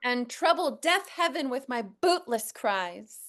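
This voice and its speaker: A woman's voice: high voice, expressive, unhurried, a bit bright. A woman taking part in a voice workshop, carefully repeating each line back after the leader. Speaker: workshop participant.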